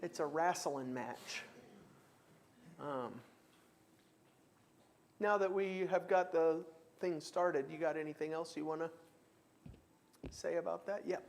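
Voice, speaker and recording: A man's voice: a little high, slow pace, vocal fry, pauses often, a little hiss or hum. A man leading a church Bible class in a conversational way, taking comments and reading scripture aloud with emphasis. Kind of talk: church class teaching with discussion.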